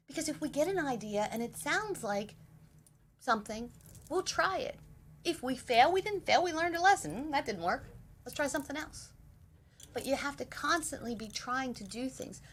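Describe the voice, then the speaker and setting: A middle-aged woman hosting a casual spiritual talk, animated, acting out little quoted dialogues. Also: high voice, slightly rough. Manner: animated, quotes herself and her husband in dialogue. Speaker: spiritual host.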